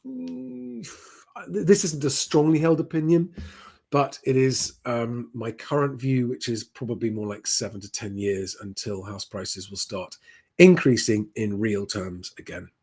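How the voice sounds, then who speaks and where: A man's voice: medium pitch, a little slow, gravelly, a little mellow, slightly rough. Chatty man answering viewer questions. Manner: chatty and plain-spoken, with frequent ums and restarts. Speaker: property advice host. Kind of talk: live Q&A, reading viewer comments aloud.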